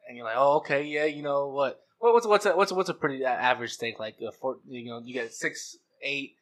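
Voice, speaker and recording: A man chatting on a casual podcast. He rambles, stumbles, and restarts his sentences, trailing into fillers, with a bright, sharp edge to his voice. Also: mid-range voice, expressive, brisk. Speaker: podcast co-host.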